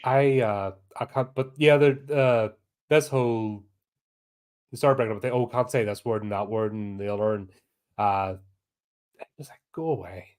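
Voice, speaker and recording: A man's voice: mid-range voice, steady tone, normal speed, pauses often, darkish tone, clean tone. A man with a Northern Irish accent, co-hosting a podcast and ranting bluntly in casual chat, with the odd swear word. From Northern Ireland. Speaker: podcast co-host.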